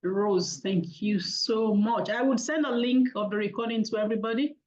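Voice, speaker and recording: A woman hosting an online talk, warmly thanking attendees one by one by name over a video call. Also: on the high side, normal speed. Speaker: host of an online money talk. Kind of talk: casual thank-yous and roll-call at the close of a video call. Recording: dull lo-fi video call audio.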